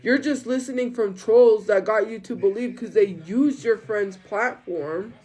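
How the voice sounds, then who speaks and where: A livestreamer in casual chat, talking in a slow, rambling way, voice still deepened from a recent illness. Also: darkish tone, poor audio. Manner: slow, rambling rant that drifts into chat replies. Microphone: streaming setup.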